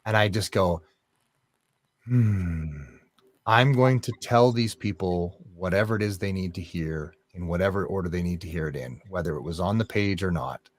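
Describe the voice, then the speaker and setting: A man hosting a casual chat, calmly giving encouraging advice. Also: low-pitched, normal speed, no echo. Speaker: host.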